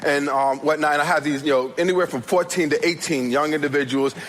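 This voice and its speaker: Man, pastor, storytelling sermon, high voice, animated, stumbling restarts, emphatic peaks. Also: low-quality recording. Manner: animated, many quick restarts and repeated words; acts out voices in his stories, rising to emphatic peaks.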